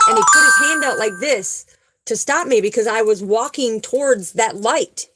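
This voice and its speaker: Earnest preaching woman, higher voice. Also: moderate pace, over loud music, low-quality recording. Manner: earnest, emphatic, repeats herself. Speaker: spiritual vlogger. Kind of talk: casual spiritual talk and testimony.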